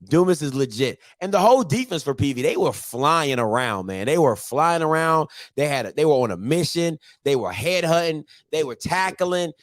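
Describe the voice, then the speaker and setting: A man's voice: on the high side, expressive, normal speed, hardly any pauses, dry recording, studio quality. A man hosting a casual football recap, ranting and talking straight to his viewers. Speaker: sports show host.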